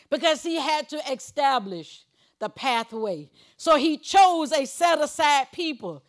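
A woman preaching a sermon in an emphatic, conversational way, moving between loud declarations and quiet asides. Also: high voice, animated, slow pace. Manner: chuckles while preaching, conversational.

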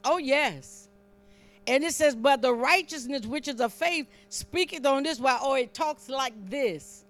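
A woman with a high voice delivers a sermon. She preaches in a fervent, conversational way, teasing the congregation between lines and building up her emphasis as she reads scripture. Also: unhurried.

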